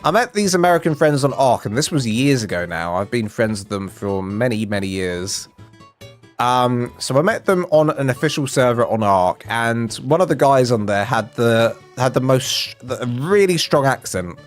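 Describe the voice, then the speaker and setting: Dude rambling on a game stream, jokey, bit of music under him. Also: male voice, mid-range voice, expressive, moderate pace. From England. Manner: rambling, self-deprecating, jokey, trails off and restarts. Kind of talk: casual live stream chat.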